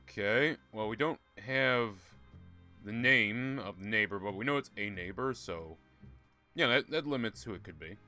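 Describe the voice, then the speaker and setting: A man's voice: lowish voice, moderate pace, sharp tone, soft background music. A man giving casual, sarcastic, profane commentary while playing a point-and-click game. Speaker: gaming streamer. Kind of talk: casual let's-play commentary.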